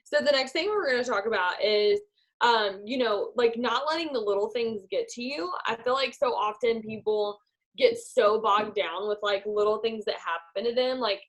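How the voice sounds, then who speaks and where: A woman's voice: a little high, moderate pace, poor audio. A woman coaching her sales team over a video call in a chatty way, full of "like" and "um". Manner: chatty, filler-heavy, acts out quoted voices. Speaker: team leader. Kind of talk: motivational team talk.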